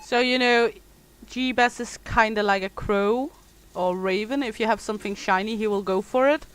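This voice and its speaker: A woman's voice: mid-range voice, normal speed, clean tone, low-quality recording. A woman streaming a simulation game, chatting casually and jokingly with her viewers. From Denmark. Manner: chatty, joking, reads chat aloud. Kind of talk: casual chat with viewers while gaming.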